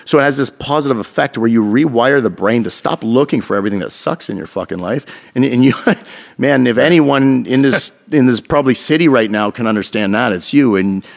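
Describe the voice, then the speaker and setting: A man from Canada, a guest on a podcast, talking in a casual, energetic way and swearing freely as he tells stories. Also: medium pitch, gravelly. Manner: energetic, profane, storytelling. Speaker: podcast guest, fitness coach.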